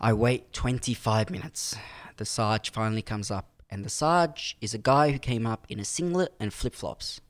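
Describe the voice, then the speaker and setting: Young man, animated storyteller, casual podcast, dry sound. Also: lowish voice, normal speed, no room sound. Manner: animated, dramatic retelling with quoted voices.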